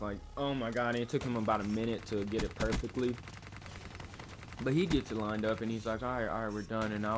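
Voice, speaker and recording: Young male vlogger, laid-back profane storyteller, noisy home recording. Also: medium pitch. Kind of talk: casual storytelling to camera.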